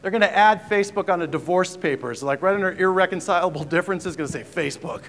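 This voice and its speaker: A man's voice: high voice, fast, a bit bright. A man giving a joking, punchy keynote talk to a conference audience, often asking the crowd questions. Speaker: conference speaker. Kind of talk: keynote presentation to a live audience. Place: large conference hall. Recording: distant hall reverb, faint ambience.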